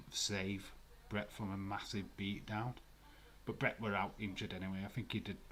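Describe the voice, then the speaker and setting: A chatty live-stream host with a low, fairly bright voice gives casual watch-along commentary. He swears freely and laughs as he reads viewer comments aloud.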